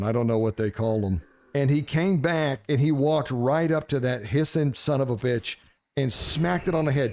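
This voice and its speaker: Man, storyteller, casual and profane, mid-pitch, lively delivery. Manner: animated, profane, laughing. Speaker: streamer telling a story.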